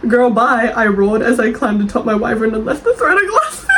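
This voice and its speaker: A woman's voice: fairly high pitch, normal speed, very noisy. Gushing young woman reacting to book reviews. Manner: animated, gushing, defensive, laughs often. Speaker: book vlogger reading reviews. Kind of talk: casual reaction chat.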